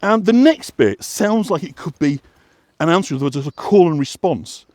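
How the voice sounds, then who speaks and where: A man from West Yorkshire talks casually while walking outdoors along a path. His voice sits a little high and swings up and down a lot, and he rambles with many fillers and restarts. The sound is dry and close. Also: lively intonation, moderate pace, a little mellow, no echo. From West Yorkshire, England. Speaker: walking guide and vlog host.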